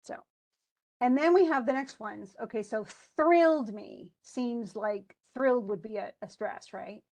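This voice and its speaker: A woman teaching a poetry class speaks at a slow, unhurried pace in a somewhat high voice. She reads verse aloud with care. Then she breaks the lines into stressed and unstressed beats, often stopping and restarting. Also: a little mellow. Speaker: English teacher. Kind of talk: classroom lesson.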